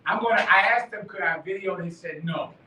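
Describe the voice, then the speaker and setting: High-voiced preacher, emphatic, in an echoey room. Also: male voice, fairly quick, recorded from a distance, a little hiss or hum. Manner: emphatic, swings from quiet to shouting, laughs and swears. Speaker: class leader. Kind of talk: fiery live preaching to a class. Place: live meeting room.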